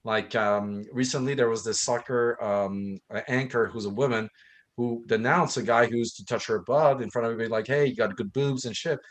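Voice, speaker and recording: Guy from france on a video call, animated and mocking, mid pitch, acts out quotes. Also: fairly quick. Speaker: guest. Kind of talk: casual chat.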